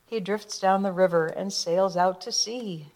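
A woman narrating a children's rhyming picture book with a gentle, rhythmic delivery. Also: medium pitch, unhurried.

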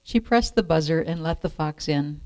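A woman calmly reading a children's picture book aloud as storyteller. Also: low-pitched, moderate pace, no room sound.

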